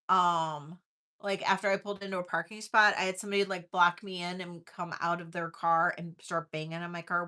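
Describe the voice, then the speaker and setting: A woman's voice: lowish voice, sharp tone. A middle-aged woman hosting a live vintage jewelry sale, chatting in a casual, rambling way with lots of "like"s. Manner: chatty storytelling, many "like"s, laughs easily. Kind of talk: casual chat with live auction calls.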